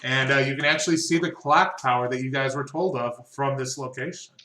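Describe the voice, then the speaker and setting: A man runs a horror-fantasy tabletop game, narrating with a crisp, bright tone. He chats loosely, laughs easily and trips over the odd name. His voice rings in an echoey room. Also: mid-range voice, a little fast. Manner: chatty, laughs easily, stumbles over names. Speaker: game master.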